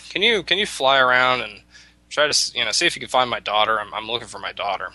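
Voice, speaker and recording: A man's voice: mid-range voice, expressive, fast talker, bright, forceful tone, no room sound, low-quality recording. A man doing a tired searching chief. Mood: pleading.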